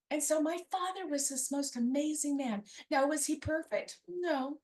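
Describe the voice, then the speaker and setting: A woman's voice: sits high, moderate pace, hardly any pauses, darkish tone. A woman telling a personal story about her family at a live storytelling event, conversational and wry. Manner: conversational, wry, acts out family members' quoted lines.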